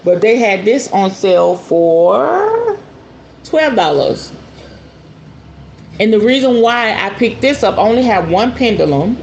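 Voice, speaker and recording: An excitable woman talks straight to her viewers in a chatty, animated way while she unboxes things. Her voice sits at a middle pitch, with faint room sound underneath. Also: unhurried, gravelly, long pauses, lo-fi sound, slight background noise. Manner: chatty and animated, calls viewers "y'all" and "honey"; excitable storyteller, acts out shop talk. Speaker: spiritual channel host.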